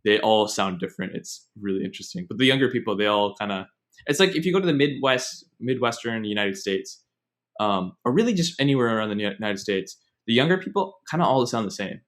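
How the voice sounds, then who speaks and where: Talking fast in a lowish, slightly bright voice with lively intonation, a young man hosts a podcast. He tells his stories in a loose, digressive way, keeping the chat casual.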